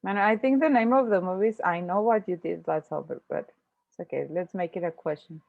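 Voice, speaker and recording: A woman with Spanish as her teaches English in an online class, explaining grammar step by step and restarting her sentences as she thinks. Her voice sits a little low. The sound is thin and phone-like, and dry with no room echo. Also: fairly quick, gravelly. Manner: explains patiently, with frequent restarts and thinking aloud. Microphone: video call. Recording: tinny video-call audio, dry.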